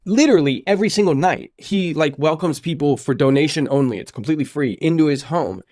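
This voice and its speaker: A man hosting an interview podcast, telling stories in an animated way and acting out the people he quotes. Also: fairly high pitch, fast talker, dry recording, studio quality. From United States. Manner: animated storyteller, acts out quoted speech. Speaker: podcast host. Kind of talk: conversational interview.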